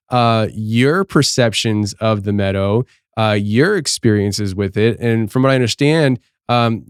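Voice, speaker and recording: A podcast host conducts a casual interview, asking long, rambling questions and restarting them often. He has a clean, mid-range voice, recorded dry with clean studio sound.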